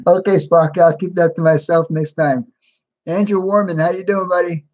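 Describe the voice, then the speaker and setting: A man's voice: high-pitched, slow pace. A man hosting a livestream, casually greeting viewers by name and answering chat, a little tired. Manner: reads out viewer names and replies to chat. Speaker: livestream host.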